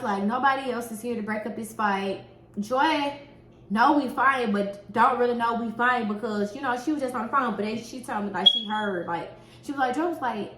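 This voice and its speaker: A woman who works as a nail technician telling a story in a casual, animated way, swearing often and acting out what people said. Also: on the high side, a little fast. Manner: animated, profane, acts out quoted dialogue. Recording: echoey room with faint noise.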